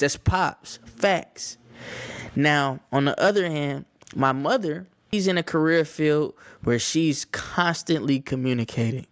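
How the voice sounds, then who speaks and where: A man's voice: medium pitch, fairly bright tone, clean tone, dry recording. A young man from Atlanta with a Southern Atlanta accent, telling stories casually to his viewers, repeating phrases and slipping into slang. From Atlanta, Georgia, US. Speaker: vlogger. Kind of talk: casual storytelling to camera.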